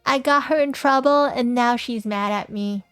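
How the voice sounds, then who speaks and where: A woman's voice: a little high, moderate pace, fairly bright tone, clean tone, dry recording, soft background music, natural voice. A woman voicing a lovesick teenage boy who pleads in a quivering voice. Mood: pleading.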